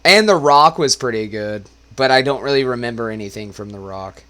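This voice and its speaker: A man's voice: medium pitch, expressive, brisk, sharp tone. A man hosting a casual livestream, talking loosely and laughing, often trailing off mid-sentence. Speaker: host.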